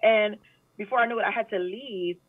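A woman guest talking earnestly in a casual interview chat, often animated and full of fillers. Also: mid-range voice, fairly quick, no room sound. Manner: earnest, animated when retelling, many fillers. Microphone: phone call. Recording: tinny phone line.

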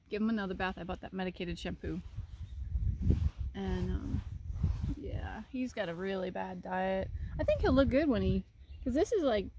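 A woman vlogging outdoors in a rural paddock as she tends her horse, talking casually to the phone camera in a soft, chatty way. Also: medium pitch, a little hiss or hum. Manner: chatty, soft-spoken, fond baby talk to the horse. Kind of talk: casual vlog talk to camera. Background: birds and outdoor ambience.

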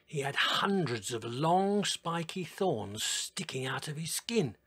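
A man reading a children's storybook aloud in a gentle, expressive way. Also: fairly high pitch, slow, husky, no room sound. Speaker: narrator.

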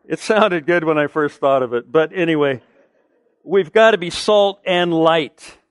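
Man, pastor, sermon, conversational, rhetorical questions, fairly high pitch, dry recording. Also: unhurried, dry recording.

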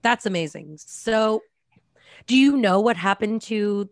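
A woman hosting a podcast interview in casual chat, reacting quickly and prompting her guest. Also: mid-range voice, expressive, dry recording. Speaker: podcast host.

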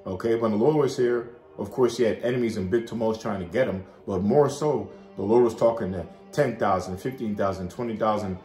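A man giving an informal Bible study, chatting loosely and reading scripture aloud slowly. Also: mid-range voice, darkish tone, reverberant. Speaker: Bible teacher.

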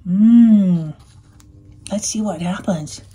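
Woman storyteller, unhurried, mellow and a bit breathy, lively voices for the characters. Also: on the high side. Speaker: storybook reader. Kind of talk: read-aloud storytelling.

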